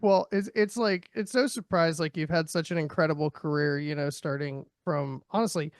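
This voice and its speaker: A man hosting a casual podcast interview, chatty and quick to laugh, with loose, filler-heavy phrasing. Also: a little high, no echo, clean studio sound. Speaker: podcast host.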